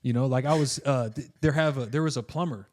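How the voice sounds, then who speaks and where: A man's voice: medium pitch, fast. A man co-hosting a podcast, telling a story in a casual, rambling way with lots of fillers, then acting out the people in it. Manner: rambling, many fillers and restarts; animated, acts out quoted people in a raised voice. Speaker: podcast co-host.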